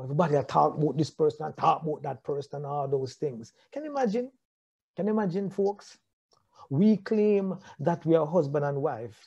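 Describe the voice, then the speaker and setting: Jamaican male preacher, husky and warm, asks the crowd question after question. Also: a little high. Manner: rhetorical questions, repeats phrases, chuckles often. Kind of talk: sermon on marriage.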